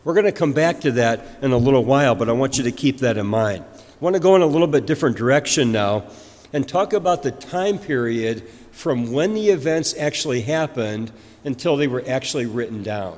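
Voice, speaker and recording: A man's voice: mid-range voice, expressive, fairly quick, darkish tone. A man preaching a sermon as pastor, explaining in a conversational way with fillers and restarts. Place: church. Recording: long reverb of a church hall.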